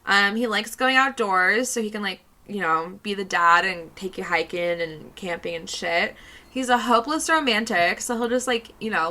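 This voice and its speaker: A woman's voice: medium pitch, bright, forceful tone. A woman co-hosting a podcast in casual chat, laid-back and profane, often giggling. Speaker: podcast co-host.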